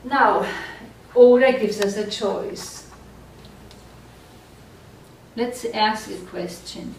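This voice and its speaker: A woman teaching a German class, explaining slowly and patiently and often checking that the students follow. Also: mid-range voice, gravelly, slight background noise. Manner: slow, patient explaining with frequent check-ins. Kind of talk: classroom lecture at a board. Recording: echoey room, voice from far off.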